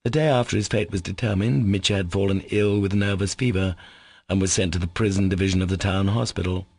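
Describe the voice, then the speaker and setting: A low-pitched man reads a classic novel aloud at a measured pace. His voice carries heavy fry and a husky grain. The recording is close and completely dry. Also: steady tone, a little mellow, dry recording. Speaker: audiobook narrator. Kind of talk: scripted narration.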